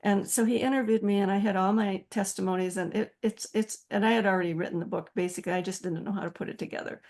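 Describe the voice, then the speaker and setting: A woman in her seventies, interviewed as an author, telling stories with animated energy and frequent laughter. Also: mid-range voice, fast. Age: 70s. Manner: animated storyteller, acts out quoted voices, laughs often. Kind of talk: storytelling interview.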